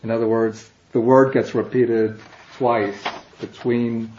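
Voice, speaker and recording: A man teaching a language class, explaining slowly and patiently, step by step. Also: medium pitch, flat delivery, warm tone, a little hiss or hum. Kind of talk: classroom lecture. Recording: dull, echoey classroom recording.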